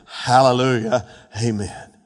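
A man preaching a sermon, fervent, building to shouted peaks and asking the congregation questions. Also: mid-range voice, steady tone, a little slow. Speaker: pastor. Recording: long hall reverb.

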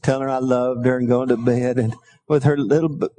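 A middle-aged man preaching a sermon, calling for responses from the congregation and telling folksy stories in a quieter aside voice. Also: steady tone, fairly quick. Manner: folksy storytelling, drops to a low aside. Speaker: pastor.

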